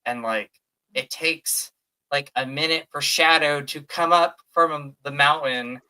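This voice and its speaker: A young man chats casually on a podcast with a bright, forward voice. He is animated and laughs easily, and he acts out his own reactions as he talks. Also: on the high side, takes it slowly, clean tone. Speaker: podcast co-host. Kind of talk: casual chat.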